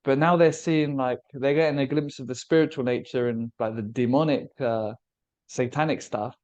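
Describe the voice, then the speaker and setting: A man's voice: medium pitch, fairly even intonation, normal speed, darkish tone. A man co-hosting a casual spiritual podcast discussion, musing in a loose, philosophical way and laughing easily. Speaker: podcast co-host.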